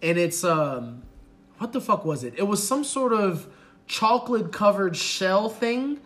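A man co-hosting a podcast, telling a story in an animated, profane way and acting out the people in it. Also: sits high, a little slow. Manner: animated, profane, acts out the people in his stories. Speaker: podcast co-host. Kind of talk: casual storytelling chat.

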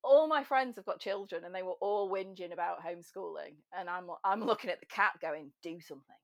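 A woman chatting as a podcast guest, self-mocking and quick to laugh. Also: medium pitch, vocal fry, no room sound, studio quality. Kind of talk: casual chat.

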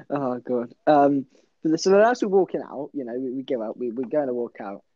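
A man's voice: mid-range voice, mellow, dry recording. A young man co-hosting a podcast, telling a story in a rambling, laughing way with plenty of swearing. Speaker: podcast co-host. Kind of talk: casual storytelling chat. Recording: dull lo-fi dry sound.

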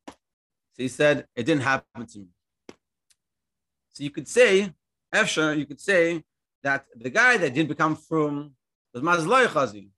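A bright-voiced rabbi telling stories. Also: male voice, on the high side, a little slow, pauses often. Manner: animated storytelling with many restarts. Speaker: rabbi teaching a class. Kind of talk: casual Torah class.

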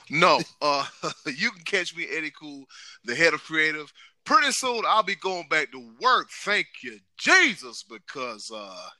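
A man's voice: fairly high pitch, bright, forceful tone, no room sound. A man co-hosting a casual sports podcast, joking around and delivering the show's sign-off. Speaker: podcast co-host.

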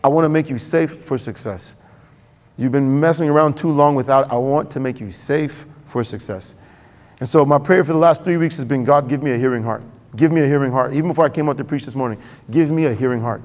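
A man's voice: medium pitch, brisk, a little mellow, in a large hall. A male pastor preaching a sermon in a conversational way, acting out quoted voices.

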